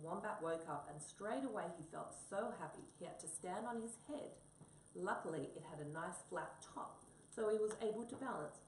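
A woman reads a children's storybook aloud with animation. Her voice is a little low. The recording is distant and echoey, with a faint background hiss. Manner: animated reading. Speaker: reader.

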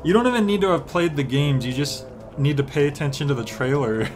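A man's voice: on the high side, animated, fairly quick, noisy background. A young man chatting casually while streaming a game, rambling with lots of filler words. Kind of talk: relaxed gameplay stream chat.

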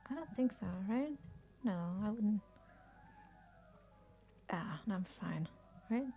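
A woman streaming a game live, chatting excitedly and swearing, sick with a headache. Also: mid-range voice, slow pace, faint music behind. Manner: excitable, swears often, laughs, trails off. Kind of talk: live gameplay commentary.

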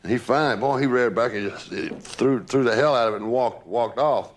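A man's voice: medium pitch, a little fast. An older man, telling old stories in a rambling way, repeating words and laughing as he goes. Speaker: former entourage member telling stories. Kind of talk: casual storytelling.

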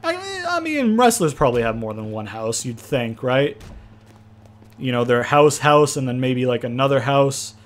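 A young man giving casual, profane let's-play commentary, trash-talking and excitable as he plays a wrestling game. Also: medium pitch, normal speed. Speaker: gaming commentator.

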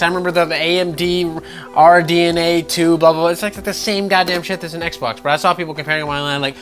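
A man's voice: on the high side, fairly even intonation, quick pace, fairly bright tone. A man hosting a gaming news vlog, ranting with sarcastic, profane exasperation. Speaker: gaming channel host. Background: background music.

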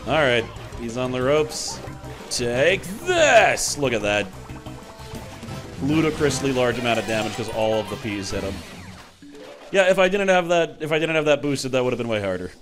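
A man hosting a let's-play, commenting sarcastically and excitably on his game. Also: medium pitch, normal speed, soft background music. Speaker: gaming channel host.

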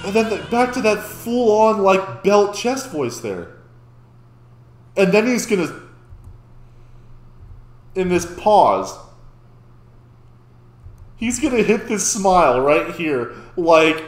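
Excitable man in an echoey room. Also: fairly high pitch. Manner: excitable, restarts and stammers when amazed. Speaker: reaction video host. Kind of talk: casual reaction commentary.

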